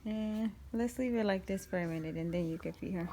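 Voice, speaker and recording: A woman's voice: mid-range voice, a little fast, mellow, slight background noise. A mother filming her baby on a phone at home, talking to her in fond, cooing baby talk. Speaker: mother and vlogger. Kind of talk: casual home video. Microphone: handheld phone.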